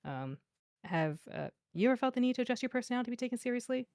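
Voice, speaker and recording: A woman moderating a casual panel discussion, encouraging and quick, with fillers as she moves between questions. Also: on the high side, expressive, darkish tone, dry recording, clean studio sound.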